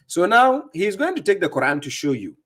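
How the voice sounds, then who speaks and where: A man's voice: sits high, big pitch swings, brisk, background noise. A man hosting a livestream, giving mocking, sarcastic religious commentary on video clips he plays. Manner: scornful, sarcastic, lecturing. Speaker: livestream host reacting to clips.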